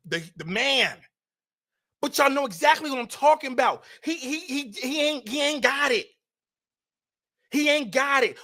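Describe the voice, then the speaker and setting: A woman giving heated football fan commentary, blunt and mocking, rising to shouts. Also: high-pitched. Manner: repetitive, mocking trash talk.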